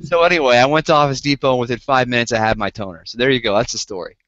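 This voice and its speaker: A man hosting a podcast, telling a story and acting out both sides in an animated, incredulous way. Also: medium pitch, rapid-fire, no echo. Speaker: podcast host. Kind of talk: casual storytelling chat. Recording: dull lo-fi podcast audio, dry.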